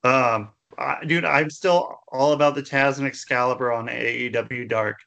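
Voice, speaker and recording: A man with a smooth, resonant voice chatting casually as a podcast co-host. He is laid-back and rambling and swears often. His pitch stays in a plain middle range. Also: steady tone, normal speed, pushed and bright, lo-fi sound. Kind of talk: casual wrestling chat.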